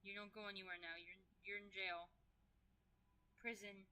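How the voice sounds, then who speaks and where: A woman's voice: medium pitch, little pitch movement, normal speed, crowd noise. A woman chatting casually while drawing, playfully scolding her cat. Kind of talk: casual chat.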